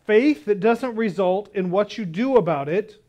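A male pastor preaching a sermon, telling a story and slowing down hard on key words. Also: high voice, expressive, a little mellow, muffled recording. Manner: emphatic, slows down on key words.

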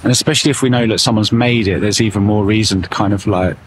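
A man's voice: on the low side, fairly even intonation, quick pace. A man talking as a vlogger outdoors on a town street, musing in a loose, reflective way. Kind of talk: casual walking vlog. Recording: street traffic noise behind.

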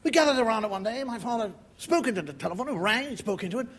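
Lively high-voiced Irish storyteller man. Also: very fast, breathy edge. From Ireland. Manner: storytelling, acting out voices of family and callers. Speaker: stand-up comedian. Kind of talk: stand-up monologue. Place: television studio with live audience. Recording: audience laughter and noise behind. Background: audience laughter.

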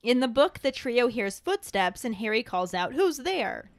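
A woman's voice: a little high, moderate pace, no room sound, clean studio sound. A woman co-hosting a podcast, comparing a book with its film in a playful, punning way. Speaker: podcast co-host.

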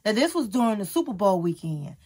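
A woman hosting her own channel, chatting casually to camera and telling a story in an animated way with sudden jumps in pitch. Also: fairly quick, husky. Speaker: YouTube channel host.

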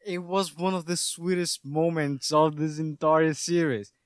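Man, podcast co-host, slow, emotional, halting, fillers, dry sound. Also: fairly high pitch, little pitch movement, smooth, no echo. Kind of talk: casual chat.

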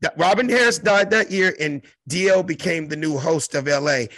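Speaking at a moderate pace in a fairly high, fairly bright voice, a middle-aged South Central Los Angeles comedian recounts a story as an interview guest. He's profane and emphatic, even imitating crowd noises, and the recording is dry.

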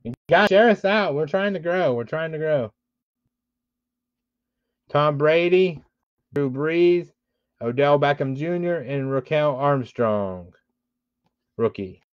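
A man's voice: fairly high pitch, animated, slow pace, long pauses, smooth. Man running a live card-break stream. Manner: rattles off player names while explaining rules to viewers. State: frustrated. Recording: dull lo-fi dry sound.

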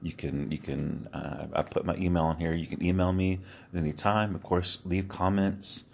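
A man speaking straight to his viewers in an earnest, heartfelt vlog monologue, often pausing with sighs and repeating words as he searches for them. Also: deep voice, little pitch movement, creaky, a little mellow, slight background noise. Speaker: motivational video creator.

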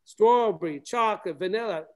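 A man's voice: sits high, normal speed. A man giving a remote classroom demonstration over a video call as a space program educator, talking in a playful way with many restarts.

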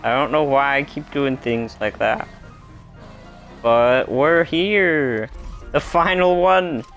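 A young man streaming a racing game, chatting to himself in a self-mocking, excitable way. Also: medium pitch, takes it slowly, faint music behind. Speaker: gameplay streamer. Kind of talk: casual let's-play commentary.

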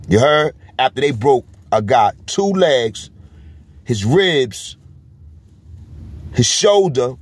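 A man's voice: medium pitch, breathy edge. A man with a New York accent, talking straight to camera in a casual vlog and driving each point home with a constant "you heard?". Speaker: vlogger. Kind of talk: casual street commentary.

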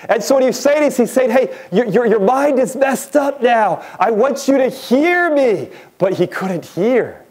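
A male pastor preaching a sermon, asking the congregation questions and dropping low and slow on key words. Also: darkish tone. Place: church sanctuary.

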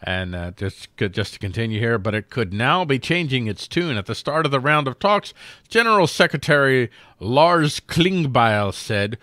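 A man's voice: mid-range voice, lively intonation, normal speed, bright, forceful tone, dry recording, clean studio sound. A man hosting a casual political news commentary show, sarcastic and given to mocking the people he quotes. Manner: sarcastic, mocks quoted figures in silly put-on voices.

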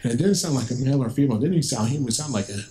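A man's voice: mid-range voice, animated, very fast, warm tone, low-quality recording. A man telling his story to students. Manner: conversational, vivid, acts out remembered dialogue. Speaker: guest speaker at a school. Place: school, indoors.

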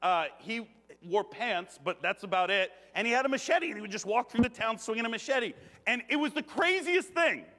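A man preaching a conversational sermon in a church, joking, animated and laughing often. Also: high-pitched, fairly quick. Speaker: guest preacher. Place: church sanctuary. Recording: long reverb of a church hall.

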